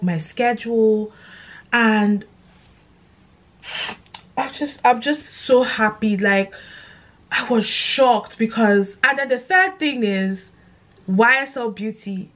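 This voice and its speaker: A young woman with a London accent, chatting excitedly to camera in a casual vlog, gushing and animated. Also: on the high side. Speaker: content creator.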